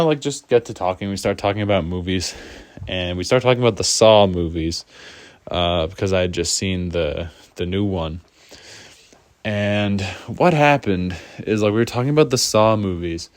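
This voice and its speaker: A man with a deep voice tells a personal story in a loose, rambling way, leaning on fillers as he goes. The recording is dry and close, with no room sound. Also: no room sound. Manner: rambling, full of "like" fillers, laughs often. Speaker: storyteller vlogger. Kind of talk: casual storytime.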